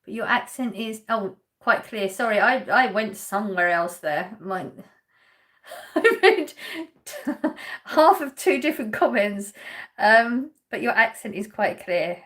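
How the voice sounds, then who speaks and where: A woman's voice: fairly high pitch, animated, takes it slowly, fairly bright tone. An English woman hosting a casual live stream, chatting and laughing as she reads viewer comments aloud. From England. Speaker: livestream host.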